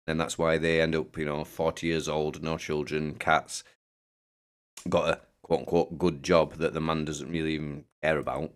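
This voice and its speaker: A man giving sardonic reaction commentary, mocking and opinionated. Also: a bass voice. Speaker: commentary host.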